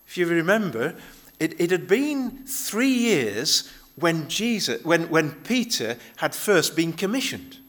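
Man, pastor, conversational sermon, bright clear tone, animated pitch, frequent restarts. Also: takes it slowly.

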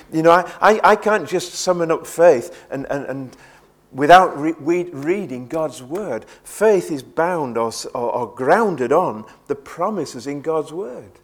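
A man preaching a sermon in an earnest way, often repeating words as he presses a point. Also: a little high.

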